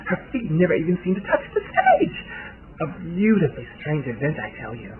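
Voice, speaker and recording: A man voicing a glamorous young businesswoman who speaks in a hushed, cooing drawl, on a tinny, lo-fi recording. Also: low voice, wildly swooping pitch, normal speed, slight background noise, pitched above the performer's own voice. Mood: gushing, adoring. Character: glamorous young woman entrepreneur, gushing. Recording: tinny phone-like lo-fi sound.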